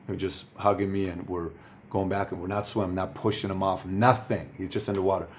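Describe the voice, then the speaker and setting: A man's voice: sits low, steady tone, quick pace, slight background noise. A man hosting a motivational business talk, speaking emphatically and repeating phrases for stress. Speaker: host giving business advice.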